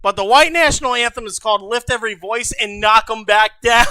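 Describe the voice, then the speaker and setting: A young man streaming live, shouting, laughing and swearing in casual chat. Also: sits high, clear, resonant tone, no echo.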